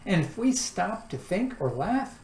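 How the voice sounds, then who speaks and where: A woman's voice: medium pitch, big pitch swings, unhurried, darkish tone, voice pushed up. A woman voicing idle, sleepy little creatures in a storybook reading, with a lazy drawl. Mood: drowsy. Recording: echoey room, faint background hum.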